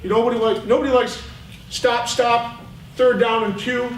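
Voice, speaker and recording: A man's voice: very high voice, normal speed. A man coaching at a clinic, talking bluntly and with fire over game film. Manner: animated, blunt, fired up. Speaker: football coach. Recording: roomy, distant mic, faint noise.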